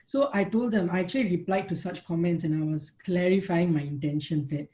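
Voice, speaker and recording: A man's voice: high voice, fairly quick, dark tone, poor audio. A young man in his twenties with a Singaporean English accent, a guest in a casual chat, explaining his views earnestly. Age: 20s. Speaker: guest, medical student.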